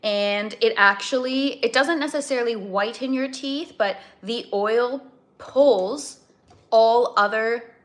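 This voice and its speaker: A woman's voice: a little high, takes it slowly, a bit bright. A woman from Canada hosting a live cooking stream, rambling in casual chat and greeting viewers by name.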